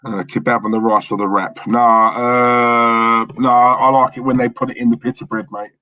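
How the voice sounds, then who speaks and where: A man's voice: medium pitch, moderate pace, no room sound. A man co-hosting a live football watch-along stream, chatting to viewers and reacting to the match. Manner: chatty, thanks viewers in the chat, excitable at the match. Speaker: fan channel co-host.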